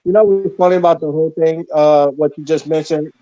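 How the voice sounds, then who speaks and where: A man chatting on a podcast with a notably high voice, blunt and joking as he makes his points. His talk is loose and full of swearing. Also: fairly even intonation, a little fast, mellow, lo-fi sound. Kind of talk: casual podcast chat.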